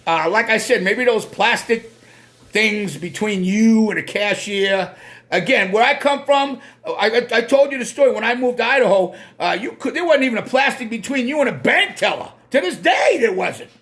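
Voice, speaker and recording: On a laid-back live stream, a Massachusetts man with a Boston accent and a notably high voice talks with lively intonation at a moderate pace and a fairly bright tone. He speaks bluntly, wanders from topic to topic, swears a lot and greets viewers by name.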